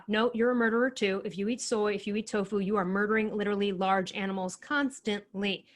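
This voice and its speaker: A woman's voice: mid-range voice, quick pace, hardly any pauses. A woman co-hosting a podcast, speaking her mind in an opinionated, ranting way in casual chat. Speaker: podcast co-host.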